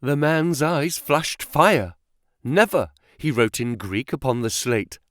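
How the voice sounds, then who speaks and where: Male audiobook narrator, lively pitch. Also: slow, no room sound. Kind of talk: scripted narration of a classic detective story.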